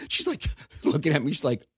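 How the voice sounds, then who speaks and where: A middle-aged man, a pastor, telling a personal story in casual conversation, animated and acting out the voices of the people in it. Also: a little high, normal speed, husky, no room sound, clean studio sound.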